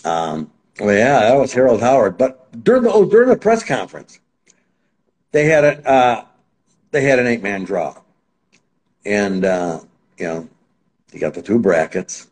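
A man as an interview guest, telling stories in a casual, animated way. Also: lowish voice, normal speed, long pauses. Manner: animated, acts out quotes in other voices. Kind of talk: casual anecdotal storytelling.

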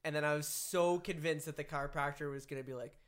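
A man's voice: fairly high pitch, fairly even intonation, fast talker. A man co-hosting a podcast, casually telling an embarrassing story from childhood with a laugh. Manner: candid, laughing, loose storyteller. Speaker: podcast co-host. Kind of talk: casual chat among friends.

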